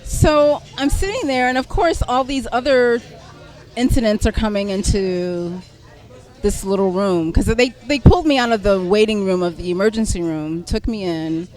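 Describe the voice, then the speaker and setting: Animated middle-aged woman telling a story. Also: mid-range voice, moderate pace. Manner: animated, laughing, self-deprecating. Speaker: guest storyteller. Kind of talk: conversational storytelling.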